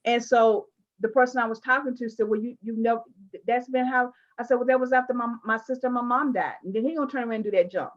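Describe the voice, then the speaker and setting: A woman interviewing a guest, telling personal stories in an animated, emphatic way with playful asides. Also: on the high side, fast talker, muffled recording. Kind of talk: candid conversational interview.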